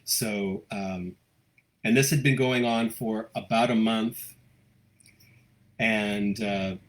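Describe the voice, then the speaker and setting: A man's voice: on the low side, steady tone, slow. A man hosting a live local news stream, chatting casually and reading out viewer comments, with many fillers and restarts. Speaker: host of a local news livestream.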